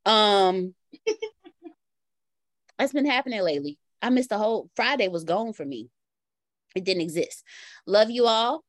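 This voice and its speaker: Lively, laughing woman hosting a call. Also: medium pitch, a little slow, long pauses, no room sound. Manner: laughing, playful, repeats catchphrases. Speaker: host of an online community call. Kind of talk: casual chat.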